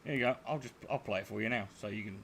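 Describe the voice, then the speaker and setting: A man's voice: on the low side, racing, vocal fry, a bit bright, slight background noise. A man hosting a livestream, chatting casually with lots of fillers and restarts. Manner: rambling, filler-heavy, restarts often. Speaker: livestream host. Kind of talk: casual chat.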